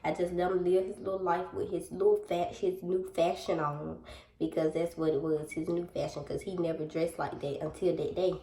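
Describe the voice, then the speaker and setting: A woman's voice: lowish voice, steady tone, normal speed, warm tone. A young adult woman vlogger telling a story in casual chat, talking straight to her viewers. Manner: chatty, addresses viewers directly, acts out dialogue. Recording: roomy, echoey room.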